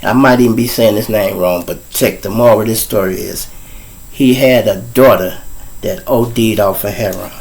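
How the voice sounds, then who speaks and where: A man's voice: moderate pace, creaky. A man with a Chicago accent telling stories to his viewers in a casual, profane way, acting out other people's voices. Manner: animated, profane, acts out voices with high squeals.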